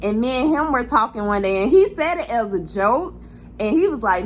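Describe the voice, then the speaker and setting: A woman's voice: fairly high pitch, lively intonation, moderate pace, a little hiss or hum, poor audio. A young adult woman talking candidly to her camera in a casual vlog, frank and chatty with some swearing. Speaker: vlogger.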